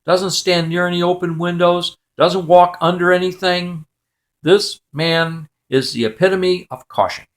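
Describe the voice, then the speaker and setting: A man's voice: high-pitched, fairly even intonation, measured pace. A man telling a joke as a story in a clipped, matter-of-fact way, often dropping the subject of a sentence.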